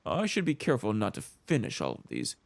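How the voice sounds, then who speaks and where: A relaxed, offhand adventurer woman in a fantasy game, as a man reading all the parts voices her, with a gravelly, lively delivery. She shrugs things off with breezy ease. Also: fairly low pitch, a little fast, dry recording, heavily acted. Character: eccentric young female adventurer, playful and unbothered.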